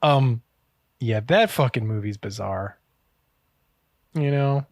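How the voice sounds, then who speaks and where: A man's voice: mid-range voice, slow pace, no echo. Male podcast host, loose and jokey, dry close-mic sound. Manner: joking, swearing, drops into silly impressions. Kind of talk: casual comedic chat.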